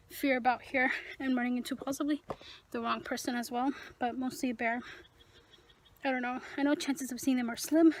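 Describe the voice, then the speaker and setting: Out in the woods by herself, a young woman with a high voice narrates a casual hiking vlog, slightly out of breath. She chats to her viewers and talks herself through her nerves, with a bit of background noise around her.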